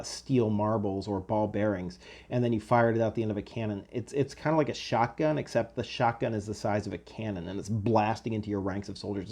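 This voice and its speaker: A man's voice: lowish voice, creaky, warm tone. A man teaching a casual homeschool history lecture, explaining in a conversational way with asides.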